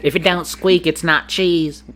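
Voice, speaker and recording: A man's voice: a little high, fairly even intonation, measured pace, over music. A man hosting a podcast in casual chat, rambling and joking and swearing freely. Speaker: podcast host.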